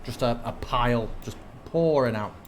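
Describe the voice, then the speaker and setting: A man's voice: mid-range voice, normal speed, slight background noise. A man narrating a tabletop game as game master, thinking aloud as he checks rules.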